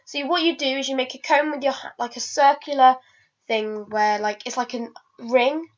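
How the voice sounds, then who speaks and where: A woman's voice: high-pitched, fairly even intonation, normal speed, noisy background. A woman vlogging in a casual, rambling way, hesitating and restarting sentences with lots of fillers. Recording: dull lo-fi recording.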